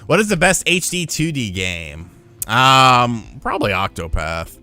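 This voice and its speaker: A man's voice: medium pitch, sing-song, measured pace, pushed and bright, clean tone, faint music behind. A man in his thirties hosting a casual livestream. He tells rambling, profane stories and thanks new members as they join. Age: 30s. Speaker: streamer.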